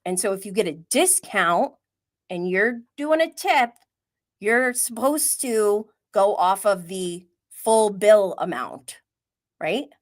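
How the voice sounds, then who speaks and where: A woman's voice: medium pitch, animated, takes it slowly. A woman hosting a live-stream reality TV recap, chatty and opinionated, often laughing and acting out quoted asides. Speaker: reality TV commentary host.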